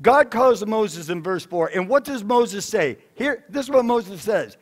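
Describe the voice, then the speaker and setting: High-voiced pastor preaching with rising fervor. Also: male voice, lively intonation, moderate pace, hardly any pauses. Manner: emphatic preaching, swinging between loud declarations and soft asides. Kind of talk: sermon. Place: church sanctuary.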